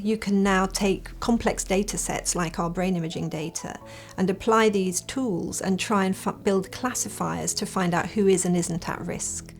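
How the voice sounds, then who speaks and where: A woman professor, explaining her research in a measured documentary interview. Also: fairly low pitch, creaky, a little mellow.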